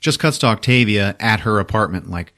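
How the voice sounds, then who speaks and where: A man's voice: fairly low pitch, fairly quick. A man hosting a podcast, recapping a movie casually with lots of swearing and 'like'. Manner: animated, profane, full of 'like'. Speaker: podcast host.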